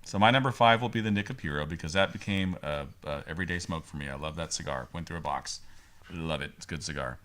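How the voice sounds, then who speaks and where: A man co-hosting a casual podcast, answering in quick, breezy remarks. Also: extremely low pitch, a bit bright. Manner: quick, breezy replies and short agreements. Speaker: podcast co-host. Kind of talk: casual chat.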